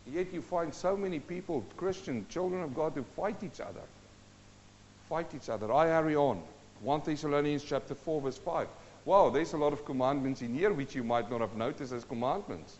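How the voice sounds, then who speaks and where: A man's voice: on the high side, moderate pace, darkish tone, a little hiss or hum. A man preaching a sermon as pastor, exhorting his listeners with rhetorical questions. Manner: exhorting, rhetorical questions, sings a hymn line. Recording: dull, long-reverb church hall.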